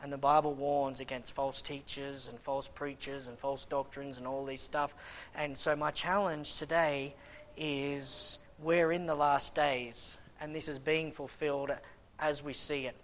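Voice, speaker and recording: A man preaching a sermon, animated, swinging between loud exclamations and quiet low asides. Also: unhurried, slight background noise.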